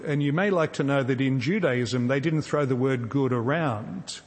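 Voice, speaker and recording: Preacher in a reverberant hall. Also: male voice, mid-range voice. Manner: earnest, measured preaching with rhetorical questions. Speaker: pastor. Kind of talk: sermon.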